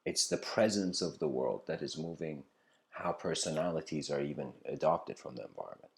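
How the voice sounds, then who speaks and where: A man's voice: a bass voice, expressive, normal speed, creaky. A man giving an improvised lecture that mixes a story with reflection, talking loosely with lots of fillers. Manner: loose, filler-heavy, with frequent "you know".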